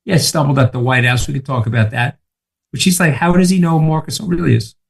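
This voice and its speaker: A man's voice: on the high side, fast talker, creaky, husky. A man in his sixties with a Long Island accent, telling stories as a podcast guest in a brash, emphatic way and swearing freely. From Long Island, New York. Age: 60s. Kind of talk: casual podcast chat.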